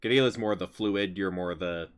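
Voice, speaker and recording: A man's voice: sits low, normal speed, clear, resonant tone. A man narrating as game master in casual chat, with many fillers.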